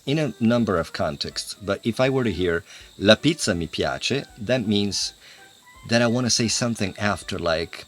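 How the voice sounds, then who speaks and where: A man giving a casual video language lesson, explaining in a lively, playful way. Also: low-pitched, moderate pace, faint music behind. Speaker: language teacher.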